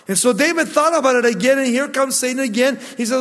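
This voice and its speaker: A man's voice: very high-pitched, a little fast, a bit bright, long reverb tail. A man preaching a sermon, retelling a story dramatically and emphatically.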